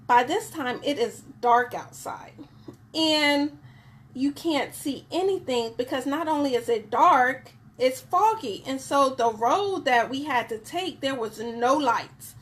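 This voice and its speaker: Woman, high voice, slow easygoing delivery, cheerful live-stream host, motivational chat, repeats words. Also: fairly bright tone.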